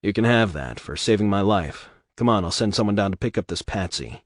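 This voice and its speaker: A man reading aloud, voicing a tough, sardonic male security chief with a gruff, wry delivery. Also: fairly low pitch, expressive, a little fast, no echo, studio quality.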